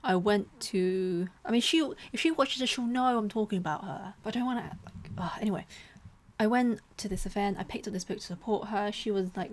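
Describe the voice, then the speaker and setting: A woman's voice: mid-range voice, a little hiss or hum. Chatty young woman book vlogger. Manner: chatty, animated, drops to whispers for asides. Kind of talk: casual chat.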